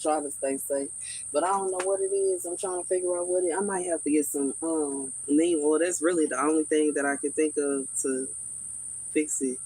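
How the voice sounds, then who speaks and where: A woman's voice: low voice, steady tone, normal speed, darkish tone, breathy edge, rough recording. A woman with a Southern accent chatting casually and thinking aloud to viewers on a livestream from her garden. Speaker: livestream host. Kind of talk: casual live chat with viewers. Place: outdoors in a garden.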